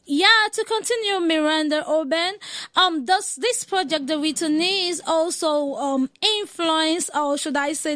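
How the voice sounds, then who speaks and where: A woman hosting a live radio show from the studio, with a brisk, polished announcer delivery. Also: high-pitched, sharp tone, no echo. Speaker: radio host.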